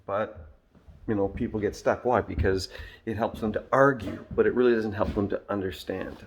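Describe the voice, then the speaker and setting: A middle-aged man talks through a personal story and what he learned from it, pausing often with fillers and clearing his throat. His voice sits slightly low and unhurried. A faint background noise runs under the recording. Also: steady tone. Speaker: vlogger and job-site supervisor. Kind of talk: reflective storytelling monologue.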